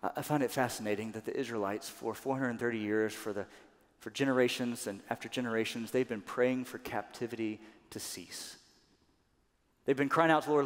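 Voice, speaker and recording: A man preaching a sermon as pastor, animated, often acting out quoted voices louder and higher. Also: brisk. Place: church sanctuary. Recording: church sanctuary with long reverb.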